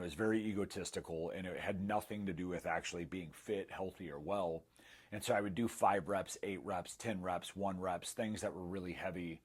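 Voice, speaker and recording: Deep husky man telling his story. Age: 30s. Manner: candid, self-mocking, acts out quoted dialogue. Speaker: former client giving a testimonial. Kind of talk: casual storytelling testimonial.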